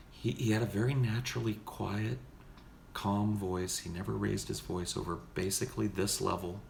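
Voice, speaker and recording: A man's voice: fairly low pitch, vocal fry, darkish tone, slight background noise. A man hosting a livestream who chats in a rambling, laid-back way and laughs easily. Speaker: livestream host. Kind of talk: casual chat.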